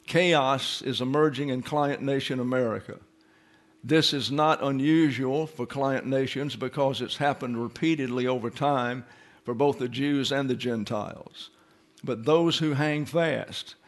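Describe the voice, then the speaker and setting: A male pastor works slowly through a scripture study, explaining each point in a methodical, lecturing way. He leans on key words for emphasis and clears his throat now and then. His voice sits at an ordinary middle pitch. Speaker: pastor teaching Bible study. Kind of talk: expository sermon.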